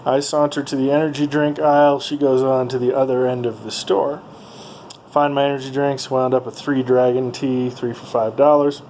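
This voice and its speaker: A man of middle pitch telling a travel story in a loose, meandering way, full of ums and uhs. A faint hum of noise sits under his voice. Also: level tone, moderate pace, darkish tone, low-quality recording. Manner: rambling, lots of ums and uhs. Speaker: vlogger.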